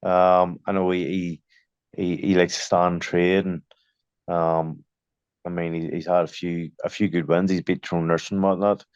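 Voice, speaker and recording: A young man with a very low voice talks in a relaxed interview, full of fillers and restarts. The sound is dry and a little dull and lo-fi, as though from a modest recording. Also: moderate pace, clean tone, no echo. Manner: chatty storyteller, lively, many fillers and restarts. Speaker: boxer. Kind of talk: casual interview.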